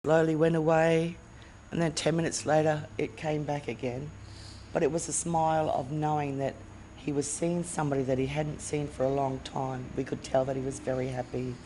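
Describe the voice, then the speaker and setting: A woman's voice: sits low, flat delivery, normal speed, a little hiss or hum, low-quality recording. Fond woman sharing eulogy memories. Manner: fond and gently reminiscing. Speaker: sister giving a eulogy. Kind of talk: funeral eulogy. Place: funeral service.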